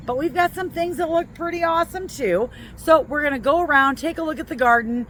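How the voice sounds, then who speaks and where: A woman's voice: high-pitched, a bit bright, slight background noise. A woman from Northern Illinois giving a casual, enthusiastic walking tour of her garden outdoors, chatting to viewers as she goes. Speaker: garden vlogger.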